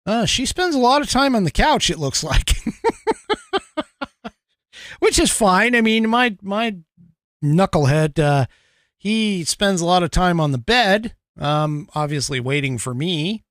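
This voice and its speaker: A man's voice: high-pitched, expressive, measured pace, a bit bright, no room sound, clean studio sound. A man hosting a podcast, talking in a casual, rambling way with lots of fillers, restarts and frequent chuckles. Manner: chuckles often. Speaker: podcast host.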